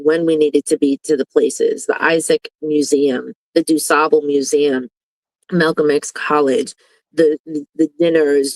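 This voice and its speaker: A Brooklyn educator joins an online panel as a guest, speaking earnestly and effusively, full of gratitude, in what sounds like a casual video call chat. Her voice sits low with a darkish tone, and the recording is dry, close and rough.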